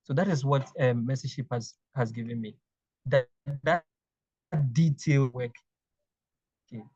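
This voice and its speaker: A man's voice: mid-range voice, darkish tone, dry recording, faint music behind. A man from Ghana speaks in a mid-range voice, stopping and repeating words as he works out what to say. The sound is dry and slightly muffled, like a remote interview recording. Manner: halting, repeats words while thinking. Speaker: clinical engineering manager, guest. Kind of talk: interview conversation.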